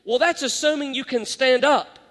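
A man preaching a sermon as pastor, dramatic and shifting between loud and hushed. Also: extremely high pitch, moderate pace. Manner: dramatic, varies loud and soft, quotes scripture. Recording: long hall reverb.

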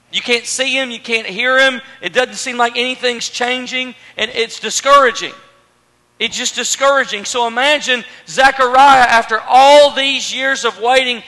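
A man's voice: extremely high pitch, bright, forceful tone, rough recording. A man preaching a sermon, using earnest questions and repeated phrases for emphasis. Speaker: pastor.

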